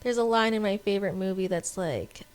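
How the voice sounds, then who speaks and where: Recorded dry, a young woman with a medium-pitched, darkish voice talks briskly as a podcast co-host. She chats casually and rambles, often using fillers and restarting her sentences.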